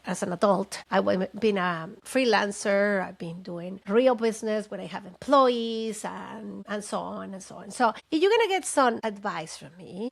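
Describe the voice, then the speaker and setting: Woman host, middle-aged, rambling live chat, gravelly fry in the voice. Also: mid-range voice. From Mexico. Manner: chatty, rambling, animated with asides. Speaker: podcast host and business consultant. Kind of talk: casual live talk to camera.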